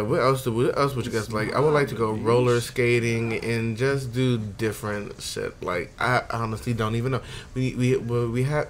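A man hosting a casual let's play, rambling, swearing and talking to his characters, sleepy and yawning. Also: mid-range voice. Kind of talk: casual gameplay commentary.

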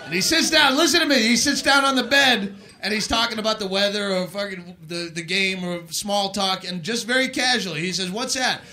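A man performing a live stand-up set, telling crude stories in a rant and shouting his punchlines from a club stage. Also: high voice, a little fast, hardly any pauses. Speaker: stand-up comedian. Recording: live club set with loud audience laughter.

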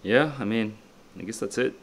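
A man's voice: fairly low pitch, normal speed. Tired young man muttering through test questions. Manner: muttering, self-checking, casual asides to viewers. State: tired and distracted. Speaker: SAT tutor. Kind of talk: thinking aloud while solving test questions. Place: his room.

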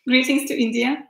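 A woman from Russia hosting a casual live-stream chat, excitable and teasing, laughing often. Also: sits high, gravelly, roomy sound, poor audio. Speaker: host.

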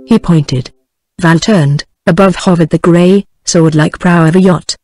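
A British woman narrating a storybook in a steady, even text-to-speech reading. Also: fairly low pitch, unhurried, faint music behind, rough recording. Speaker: audiobook narrator. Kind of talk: scripted narration.

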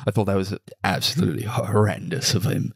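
Man, low voice, dry close mic, casual podcast banter, joking, laughs a lot. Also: fairly even intonation, fairly quick, gravelly, husky, dry recording. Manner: jokey, laughs often, acts out characters' lines. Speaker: podcast co-host. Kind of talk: casual film podcast chat.

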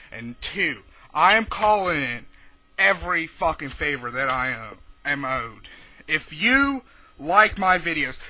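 A man delivering a furious, profanity-filled rant on his video channel, swearing constantly and shouting insults. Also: sits high. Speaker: YouTube vlogger. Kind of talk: angry profane rant to camera.

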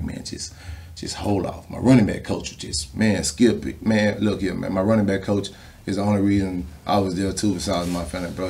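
A former football player tells stories in a casual interview, full of slang and swearing. His voice sits a bit low for a man. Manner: animated, slangy, swears freely.

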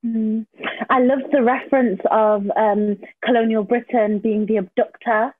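A woman's voice: on the high side, fairly even intonation, measured pace, breathy edge, no room sound. A woman hosting a poetry event, effusive and gushing with praise, with plenty of fillers. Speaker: event host. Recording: dry, phone-like line.

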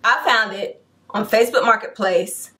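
Excited, chatty young woman vlogger. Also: medium pitch, normal speed, noisy background. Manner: excited, chatty and slangy, addresses viewers as y'all. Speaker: home decor vlogger. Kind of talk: casual vlog storytelling to camera.

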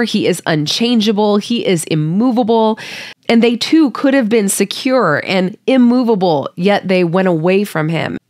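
A woman's voice: medium pitch, no room sound, clean studio sound. A woman from Hawaii hosting a Bible study, reading scripture and explaining it in a heartfelt, conversational way. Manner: warm, earnest, heartfelt and conversational.

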